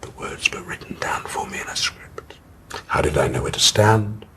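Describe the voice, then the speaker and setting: A man playing a pompous older actor, explaining his craft in a slow, patronizing, theatrical way, in a scripted comedy scene. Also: a bass voice, lively intonation, fairly bright tone, in a whisper. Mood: condescending. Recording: faint background noise.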